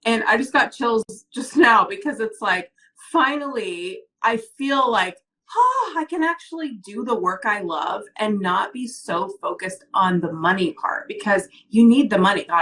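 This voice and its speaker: A woman's voice: mid-range voice, animated, moderate pace, few pauses, fairly bright tone. A woman coaching client who speaks in a casual interview with an earnest, heartfelt, rambling manner. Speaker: coaching client and business owner. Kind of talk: casual interview, personal story.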